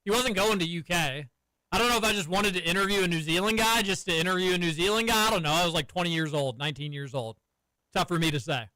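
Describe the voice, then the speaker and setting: A man's voice: high voice, quick pace, pushed and bright, no echo, poor audio. A man in his thirties hosting sports radio, telling stories and teasing his cohosts in a studio. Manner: chatty, storytelling, teasing. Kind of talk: casual sports radio banter. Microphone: studio microphone.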